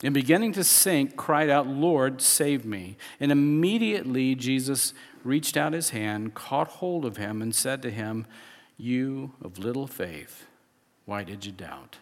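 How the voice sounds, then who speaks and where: A man's voice: mid-range voice, expressive, a little slow, long reverb tail. A man preaching a sermon in a conversational way, often restarting and chuckling as he explains scripture. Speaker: pastor.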